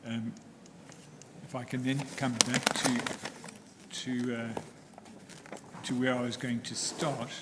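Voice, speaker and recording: A man, arguing as counsel in court in a formal, deliberate way with frequent pauses. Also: mid-range voice, flat delivery. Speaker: counsel for the applicants. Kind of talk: formal legal argument in court. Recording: echoey courtroom with faint ambient noise.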